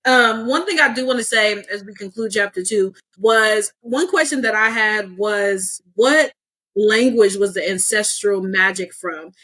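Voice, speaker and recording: A woman co-hosting a casual book podcast, reacting with enthusiasm and expressive asides. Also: medium pitch, a little slow.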